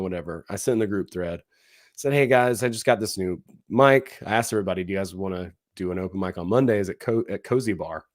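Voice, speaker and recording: A man co-hosting a casual talk, chatting in an animated way, often acting out quoted voices with lots of fillers. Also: fairly low pitch, no echo, studio quality. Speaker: co-host, comedy show producer. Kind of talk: casual conversational chat.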